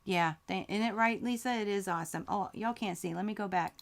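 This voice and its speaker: A quilting channel host with a medium-pitched voice speaks fairly quickly during a live Q&A stream. Reading viewer comments aloud, she sounds heartfelt and grateful, close to tears.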